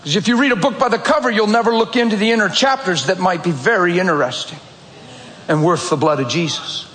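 A male pastor with a high voice, preaching through lively, plain-spoken stories from the pulpit. His words ring with the long echo of the church hall, and a faint room hum sits beneath them. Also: fast. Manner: animated storytelling, direct and conversational. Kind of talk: sermon. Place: church sanctuary.

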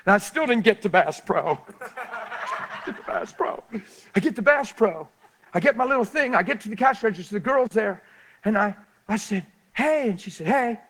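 An animated preacher tells a sermon story. His voice sits fairly high, and he swings from loud excitement down to soft, hushed passages. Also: moderate pace, rough recording.

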